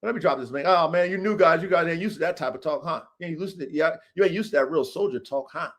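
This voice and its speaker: High-voiced man ranting profanely. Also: quick pace. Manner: aggressive, profane, preachy street talk. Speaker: show host. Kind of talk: unscripted monologue to viewers.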